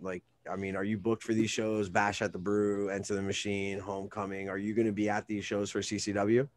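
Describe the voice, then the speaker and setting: Man, podcast host, lowish voice, joking, casual ad reads. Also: little pitch movement, fairly quick.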